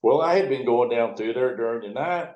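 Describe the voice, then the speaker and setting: An older man tells colorful river stories in a loose, salty, folksy way. His voice sits at an ordinary middle pitch for a man. The room gives it a noticeable echo. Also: a little fast, darkish tone, dull audio. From United States. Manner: folksy, profane, acts out the other people's lines in quotes. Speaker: retired river towboat captain. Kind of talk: conversational storytelling. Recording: roomy echo.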